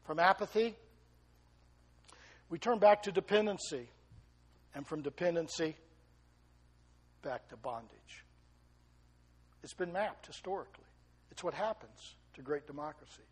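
A middle-aged man preaching a sermon, swinging between emphatic raised peaks and quiet asides. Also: a little high, unhurried, long pauses, husky. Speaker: pastor.

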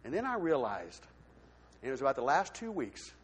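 Animated man preaching in a reverberant church. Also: medium pitch, a little fast, breathy edge. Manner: animated storytelling, acts out quoted voices. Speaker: lay speaker giving a testimony in church. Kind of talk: sermon testimony. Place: church sanctuary. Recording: long hall reverb.

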